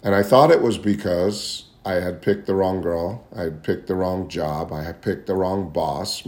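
A man with a low, darkish voice delivers a personal testimony about his recovery. It's earnest and confessional, with phrases often repeated as he searches for the words.

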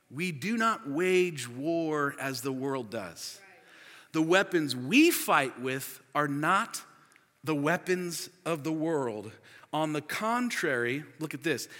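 A man in his forties preaching a sermon as pastor, energetic and chatty, laughing often and full of filler words. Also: fairly high pitch. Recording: long reverb of a large hall.

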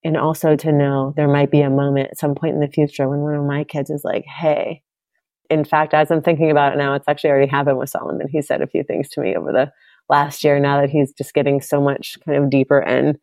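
Low-voiced reflective woman podcast host. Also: fairly even intonation, brisk, a little mellow, no echo. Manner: reflective, searching, many fillers and restarts. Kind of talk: casual heartfelt conversation.

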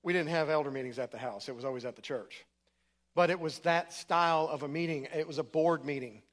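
A man's voice: fairly high pitch, brisk, a bit bright. A middle-aged man preaching in a church, telling his story in a casual, conversational way. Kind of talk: sermon testimony.

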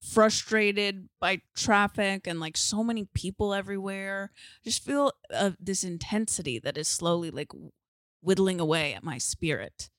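A woman's voice: mid-range voice, no room sound. Young female co-host from San Diego, playful, theatrical chatter, dry mic. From San Diego, USA. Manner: playful, dramatic, quick laughs. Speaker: podcast co-host. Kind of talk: casual chat.

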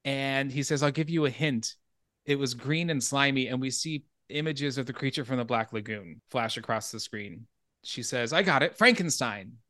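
A man hosting a horror film podcast, walking through movie scenes in a lively, casual retelling with quick asides. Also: mid-range voice, dry recording, clean studio sound. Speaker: podcast host.

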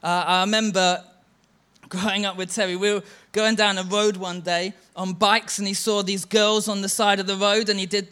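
A man's voice: sits high, flat delivery, moderate pace, sharp tone, smooth. A church leader giving a sermon, telling stories and chanting a mocking refrain to make his point.

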